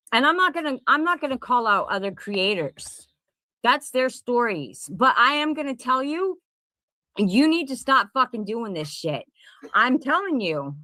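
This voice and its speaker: A woman's voice: a little high, pushed and bright, no echo. A middle-aged woman and content creator delivering a profane, confrontational rant straight to the camera, repeating her points. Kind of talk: angry direct-to-camera rant. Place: at home in Pennsylvania.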